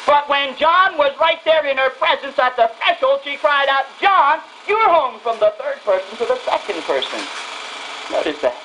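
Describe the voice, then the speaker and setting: A woman's voice: sits high, lively intonation, moderate pace, a bit bright, a little hiss or hum, poor audio. Emphatic woman preaching a radio sermon. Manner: emphatic preaching that builds through repeated phrases; reads scripture aloud and stresses single words.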